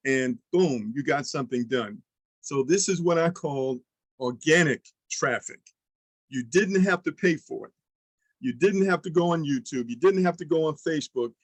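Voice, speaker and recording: A man leading an online sales training, coaching listeners with energetic questions and example pitches. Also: no echo, rough recording.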